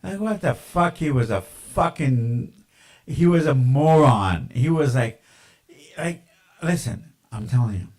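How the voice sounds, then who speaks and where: A man's voice: medium pitch, animated, slow pace, darkish tone, poor audio. A man ranting in a casual, rambling monologue, with lots of profanity, fillers and tangents.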